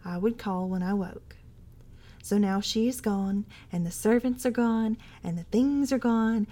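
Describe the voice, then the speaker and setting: Woman narrator, mid-pitched, dramatic storybook reader who swings between whispers and agitation. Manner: intense, shifting between hushed whispers and agitated outbursts. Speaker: library podcast reader. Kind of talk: dramatic reading of a first-person story.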